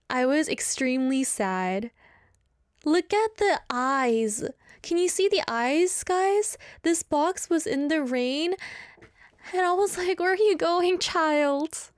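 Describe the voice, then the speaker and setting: A young woman hosting a radio show, chatting casually and telling stories in a bubbly, animated way. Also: a little high, no echo, studio quality. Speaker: radio host reading listener messages. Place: radio studio.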